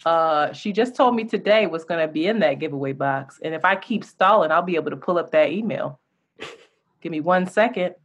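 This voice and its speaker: A woman co-hosting a podcast in casual chat, animated and quick to laugh. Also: low-pitched, lo-fi sound. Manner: laughs often, animated and chatty. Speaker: podcast co-host.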